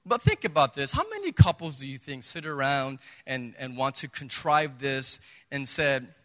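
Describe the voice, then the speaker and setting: A man's voice: medium pitch, big pitch swings, normal speed, pushed and bright. A man preaching a sermon as pastor, emphatic and conversational, asking his listeners rhetorical questions. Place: church sanctuary. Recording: reverberant church hall.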